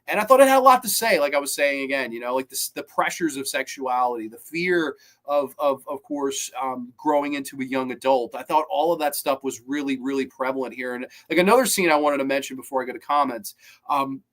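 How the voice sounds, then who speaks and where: A man's voice: mid-range voice, fairly quick, a bit bright. A man in his twenties giving a casual spoken film review, enthusiastic and swearing freely. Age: 20s. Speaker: movie reviewer.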